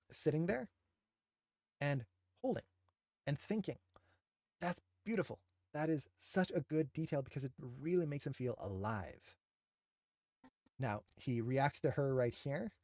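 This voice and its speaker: A man's voice: a little high, animated, a little slow, long pauses, a little mellow, no room sound, clean studio sound. A man who teaches animation, enthusiastically breaking down shots with emphatic, admiring commentary.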